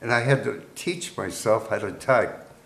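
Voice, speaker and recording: A man's voice: lowish voice, expressive, unhurried, creaky, a bit bright. A man in his eighties, a veteran guest, unhurriedly recounting wartime memories with chuckles, recorded in an echoey room. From United States. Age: 80s. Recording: echoey room with faint noise.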